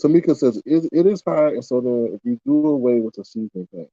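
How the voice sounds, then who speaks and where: An American man hosts a casual livestream, rambling animatedly, reading chat comments aloud, and firing off indignant rhetorical questions. His voice sits on the high side and is quick, gravelly, and warm. There's no echo, but the sound is dull and muffled.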